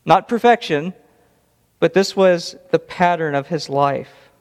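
A man's voice: a little high, slow. A man preaching an expository sermon, earnest and emphatic, often repeating words for stress. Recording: long reverb of a large hall.

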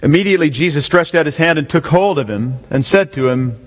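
A man's voice: on the high side, expressive, a little fast. A man preaching an expository sermon. He often asks his listeners questions and repeats his main points. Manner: asks the congregation questions, repeats key lines. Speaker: pastor. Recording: long hall reverb.

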